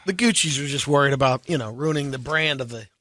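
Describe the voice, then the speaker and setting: A man hosting a podcast, briskly recapping entertainment news stories in a casual way. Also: mid-range voice, sharp tone, no echo.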